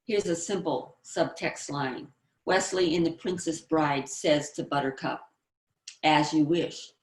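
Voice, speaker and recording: A woman's voice: deep voice, roomy sound. A woman giving a screenwriting presentation, explaining tips and reading out example lines. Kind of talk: instructional presentation.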